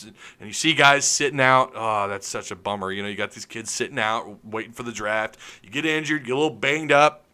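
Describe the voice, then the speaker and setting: Brash, bright-voiced sports podcast host. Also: male voice, mid-range voice, clean tone. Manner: loud, opinionated, joking rants with frequent laughs. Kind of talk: live-stream sports chat reading comments.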